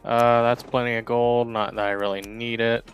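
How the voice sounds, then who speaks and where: A male streamer chatting loosely through his gameplay, wandering between thoughts and poking fun at himself. His voice sits at an ordinary middle pitch. Faint game music and cannon fire run underneath. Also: little pitch movement, moderate pace, smooth, lo-fi sound. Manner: chatty, rambling, self-deprecating. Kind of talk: casual gameplay commentary.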